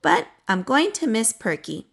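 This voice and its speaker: A woman's voice: a little high, very animated, measured pace, gravelly, a bit bright, heavily acted. A woman reading the lines of an earnest, caring young boy aardvark in a children's storybook. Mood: worried.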